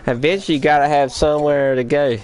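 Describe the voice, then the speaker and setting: A man's voice: on the high side, fairly even intonation, quick pace, a little mellow, clean tone. A young man, rambling and swearing as he talks straight to his live-stream chat during a game. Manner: rambling, profane, addresses chat directly.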